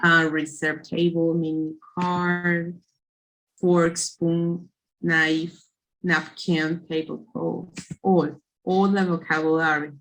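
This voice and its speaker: A woman's voice: on the low side, level tone, a bit bright, soft background music, rough recording. A woman whose first language is Spanish, teaching an English class and giving instructions, repeating herself and checking in with "okay". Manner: slow, repetitive explaining with frequent "okay".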